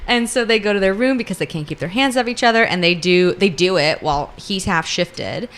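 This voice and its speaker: A woman's voice: medium pitch, fairly quick, fairly bright tone. A woman co-hosting a podcast, casually recapping a book plot in a chatty way, swearing freely and laughing often. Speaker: podcast co-host.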